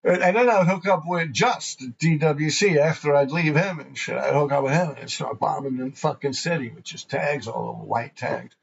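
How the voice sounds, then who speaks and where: Gravelly New man telling old stories. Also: fairly high pitch, moderate pace, hardly any pauses, muffled recording. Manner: rambling, profane, laughing often. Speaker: graffiti show host. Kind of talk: casual storytelling.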